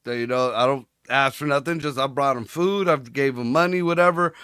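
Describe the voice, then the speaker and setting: A man's voice: medium pitch, a little fast, a bit bright, clean tone, no echo, clean studio sound. A father chatting casually on a podcast, blunt and profane, often laughing. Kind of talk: casual chat.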